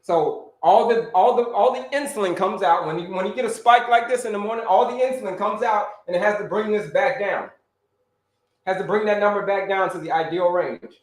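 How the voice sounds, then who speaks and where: A high-voiced man coaching viewers on a casual live stream, talking with energy and circling back over the same points. He grew up in Florida and keeps calling out to his audience. The sound bounces around an echoey room. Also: fairly quick. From Orlando, Florida. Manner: energetic, repetitive, calls out to viewers. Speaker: health coach and livestream host.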